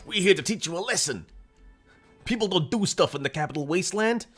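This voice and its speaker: A man voicing a mocking male wasteland raider thug with loud, sneering taunts. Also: sits high, animated, fairly quick, soft background music, voice pushed up.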